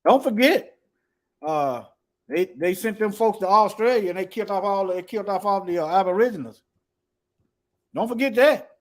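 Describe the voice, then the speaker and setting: A man giving casual commentary while reading news articles aloud. He talks emphatically, repeats phrases and stumbles over words, and mutters quietly to himself between points. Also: high voice, animated, normal speed, long pauses. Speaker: political commentator.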